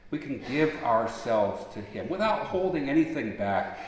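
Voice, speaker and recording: A man preaching a sermon, telling stories, then rising into emphatic appeals before dropping back to a soft voice. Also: medium pitch, sing-song, a little slow. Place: large church sanctuary. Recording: long echo of a large church hall.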